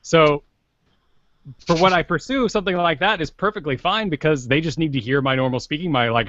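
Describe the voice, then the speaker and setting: A young man, a voice actor, giving relaxed advice in a casual podcast chat. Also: fairly high pitch, brisk, no echo, muffled recording. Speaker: voice actor guest.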